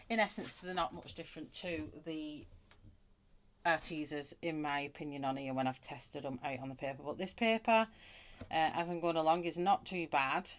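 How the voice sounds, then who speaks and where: Chatty low-voiced Wigan woman. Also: a little hiss or hum. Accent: Wigan, Lancashire. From England. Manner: chatty, rambling, greets viewers by name. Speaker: colouring channel host. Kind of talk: casual chat while colouring on a live stream.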